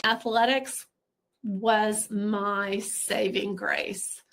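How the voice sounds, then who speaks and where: A woman's voice: medium pitch, level tone, extremely slow, vocal fry, fairly bright tone, soft background music. A woman speaking candidly and reflectively as a podcast guest.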